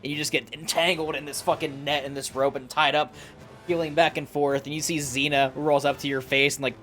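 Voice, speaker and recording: A man's voice: fairly high pitch, flat delivery, brisk, fairly bright tone. Laid-back man narrating a tabletop game. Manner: loose, laughing, filler-heavy narration. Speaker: game master.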